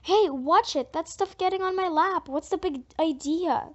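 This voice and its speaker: A woman voicing a bossy, quick-tempered twelve-year-old who snaps indignantly. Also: high-pitched, steady tone, darkish tone. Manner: indignant and snappy. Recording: dull lo-fi audiobook recording.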